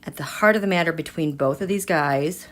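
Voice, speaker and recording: A slightly low-pitched woman hosting a live tarot reading. She is chatty and dramatic, often talking straight to her viewers. She drops into hushed asides, then bursts out with excitement. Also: brisk. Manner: chatty, addresses viewers directly. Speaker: tarot reader and livestream host.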